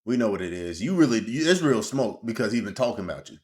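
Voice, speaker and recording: A male host reacting to a sports clip in loose, slangy talk, chewing as he speaks. His voice jumps up and down in pitch as he riffs. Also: fast talker. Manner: slangy, animated, talks while eating. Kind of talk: casual reaction commentary.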